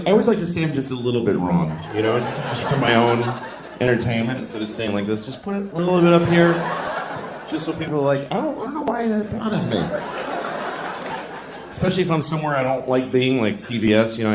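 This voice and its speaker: A man's voice: mid-range voice, lively intonation, fast, very noisy. Wry comedian in his forties. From Boston, USA. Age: 40s. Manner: conversational, wry, crude. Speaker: stand-up comedian. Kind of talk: stand-up comedy set. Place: comedy venue with live audience. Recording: echoey room, loud crowd laughter.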